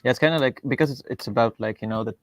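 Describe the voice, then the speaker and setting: A man's voice: mid-range voice, very fast, no room sound. A man co-hosting a livestream, asking questions and chatting casually. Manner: inquisitive, frequent listener replies. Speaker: livestream co-host. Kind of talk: casual chat.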